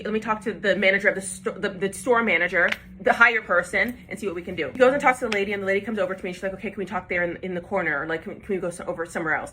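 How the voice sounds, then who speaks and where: Bright-voiced young woman telling a story. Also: medium pitch, slight background noise. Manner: upset, emphatic retelling with quoted dialogue. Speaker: storyteller recounting a salon incident. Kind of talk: casual storytime video.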